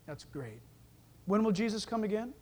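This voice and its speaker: A man preaching with a very high voice for a male speaker. He is animated and full of energy, and he breaks up the sermon with playful joking asides. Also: moderate pace. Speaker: pastor.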